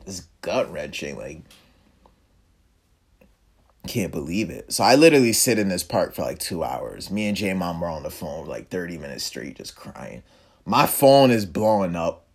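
A young man telling a personal story in casual speech, reflective and sometimes emphatic. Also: on the low side. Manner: casual and reflective, quiet dips and emphatic rises. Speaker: vlogger.

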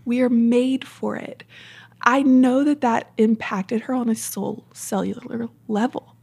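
A woman's voice: on the high side, fairly even intonation, unhurried, creaky, a little mellow, breathy edge. A woman hosting a podcast, earnest and emphatic, often affirming her guest. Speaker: podcast host. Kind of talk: casual conversation.

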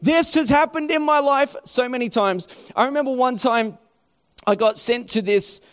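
A man's voice: extremely high pitch, moderate pace, a bit bright, clear, resonant tone. A man preaching a sermon in a conversational way, asking rhetorical questions and restarting his phrases. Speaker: pastor.

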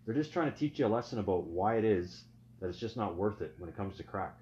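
A man's voice: lowish voice, expressive, fast talker, darkish tone. A man lecturing insistently in a heated casual argument, swearing as he talks. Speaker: friend in conversation. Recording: muffled lo-fi recording with faint noise.

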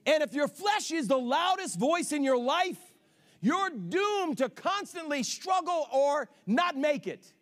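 A male pastor preaches with an emphatic delivery, and his voice is very high. His pitch leaps around animatedly as he swings from shouted lines to soft asides. It has the fervor of a live sermon. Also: very animated, takes it slowly.

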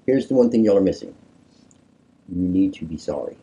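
A male pastor, preaching to a small group in a husky, breathy voice with a low, dark tone. He swings widely in pitch, coaxing answers and building to emphatic peaks. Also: animated, fairly quick, poor audio. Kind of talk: conversational sermon with group discussion.

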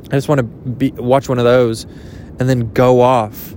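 A young man rambling jokily in a casual vlog, swearing now and then, his pitch jumping up when he gets excited. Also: measured pace, a little hiss or hum. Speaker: vlogger. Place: outdoors at a beach.

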